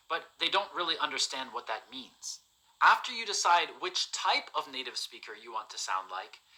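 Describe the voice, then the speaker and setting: A man's voice: on the high side, bright, forceful tone, low-quality recording. A man teaching English learners in an emphatic, direct way, repeating his key points. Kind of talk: motivational teaching monologue.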